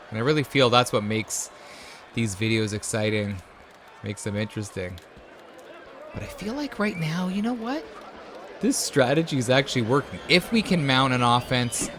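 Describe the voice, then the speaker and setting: An excitable man commentating his own gameplay, cheering at the screen one moment and going hushed the next. His voice sits at an ordinary middle pitch, with a noisy background under it. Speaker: host. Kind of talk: let's-play game commentary.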